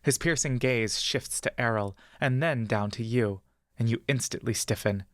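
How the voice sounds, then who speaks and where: A man narrating a fantasy adventure story in the second person, with steady, measured pacing. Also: mid-range voice, no echo, clean studio sound.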